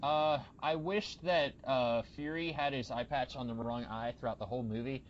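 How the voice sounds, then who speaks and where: A man's voice: mid-range voice, fairly even intonation, normal speed, crowd noise. A young man hosting a podcast, chatting casually and rambling with many restarts. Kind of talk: casual chat. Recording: dull lo-fi podcast audio.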